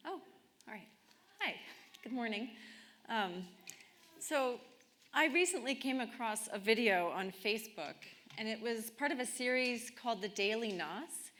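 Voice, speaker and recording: A woman's voice: on the high side, expressive, a little slow, fairly bright tone, slight background noise. A woman speaking in a chapel, telling stories in a conversational sermon with frequent restarts. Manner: chatty, storytelling, with restarts. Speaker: speaker giving the talk.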